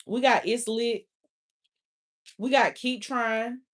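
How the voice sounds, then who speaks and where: A woman's voice: on the high side, steady tone, slow pace. A woman giving a casual spoken tarot reading, blunt and profane, with constant filler "like". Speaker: tarot reader.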